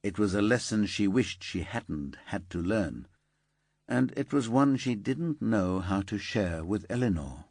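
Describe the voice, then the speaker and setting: A man narrating a thriller audiobook in an expressive storytelling manner. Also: fairly low pitch, unhurried, no room sound, clean studio sound. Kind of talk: scripted narration.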